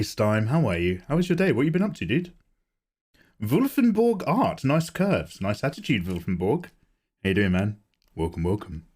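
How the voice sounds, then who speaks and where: A young man with a croaky voice, chatting loudly and swearing a lot while he streams himself drawing at home. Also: lowish voice. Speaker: livestreaming artist. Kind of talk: casual chat while drawing.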